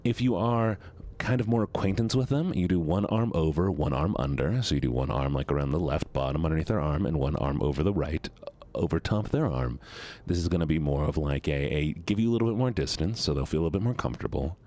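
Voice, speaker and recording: A man's voice: rumbling low, quick pace, warm tone. A man streaming live, chatting casually with viewers, rambling, stumbling over his words and giggling often. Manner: stumbles and restarts mid-sentence.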